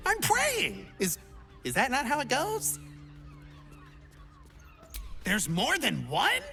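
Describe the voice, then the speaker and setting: A woman's voice: high voice, huge pitch swings, slow pace, sharp tone, faint music behind, exaggerated voice. A woman voicing a bubbly, silly young adventurer in a video game who keeps trying out new classes and talks in a playful, theatrical, teasing way.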